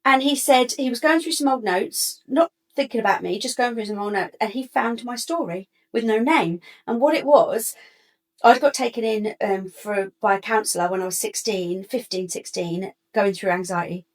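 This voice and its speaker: A woman's voice: mid-range voice, normal speed. A woman, a guest telling her own life story candidly and acting out what others said. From England. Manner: animated, acts out other people's lines.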